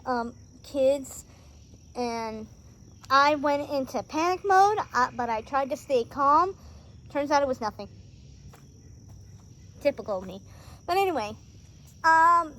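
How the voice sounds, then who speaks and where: A woman hosting a casual movie review vlog outdoors on a driveway, talking in an excitable, rambling way with lots of fillers. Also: sits high. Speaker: host reviewing films.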